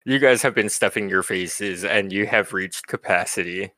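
A man runs a tabletop game for friends, his voice bright and forward. He narrates in a playful, teasing way and laughs easily. The sound is dry and close, with no room around it. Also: sits low, moderate pace, no room sound. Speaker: game master.

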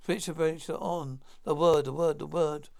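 A man's voice: on the high side, steady tone, normal speed, vocal fry. A man reading a cruel villain commander. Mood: menacing.

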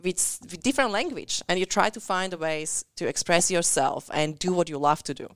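This woman in her thirties speaks English with a Central European accent in a smooth, slightly low voice. She tells her story earnestly as a business coach, acting out what people said. The sound is close and dry. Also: fairly quick, no room sound. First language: Central European language. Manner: earnest storytelling with acted-out quotes. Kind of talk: personal story in an interview.

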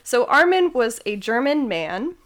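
A woman's voice: a little high, big pitch swings, measured pace, fairly bright tone. Giggly young woman hosting a podcast. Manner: giggly, self-deprecating, stumbles over names. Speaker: podcast host. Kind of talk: casual storytelling chat.

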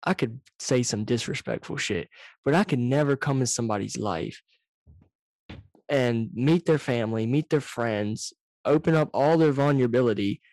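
A podcast host on a video call tells stories in an animated, profane way, his mid-range voice loud and close because he's right up against the mic. The recording is dry with no echo.

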